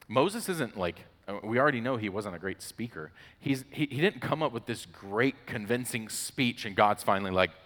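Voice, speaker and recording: Chatty low-voiced man preaching in a hall. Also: normal speed. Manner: relaxed and chatty, with frequent "like" and storytelling asides. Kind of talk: casual conversational sermon. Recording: long hall reverb.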